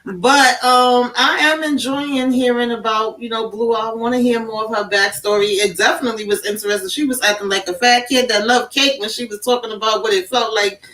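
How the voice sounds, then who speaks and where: A woman's voice: fairly high pitch, fairly even intonation, a little fast, few pauses, fairly bright tone. A woman panelist in a casual online discussion, recounting a scene with a laugh in her telling. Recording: roomy and distant from the mic.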